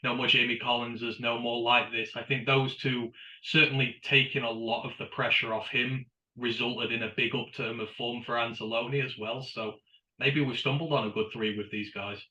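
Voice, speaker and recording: A man's voice: medium pitch, flat delivery, moderate pace, sharp tone. A man co-hosting a sports podcast, giving emphatic opinions and building on others' points. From United Kingdom. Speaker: podcast co-host. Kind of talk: casual sports podcast chat. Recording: roomy, dull lo-fi mic.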